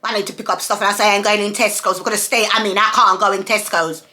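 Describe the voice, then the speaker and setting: Speaking quickly in a steady, sharp, medium-pitched voice, an adult vlogger who is a mother of several children rants at her camera. Her casual monologue is emphatic and repetitive, full of rhetorical questions.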